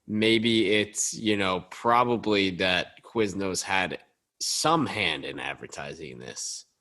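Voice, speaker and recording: A man's voice: low-pitched, slow pace, pushed and bright. A man co-hosting a movie podcast in casual chat, easygoing and laughing as he retells scenes. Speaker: podcast co-host.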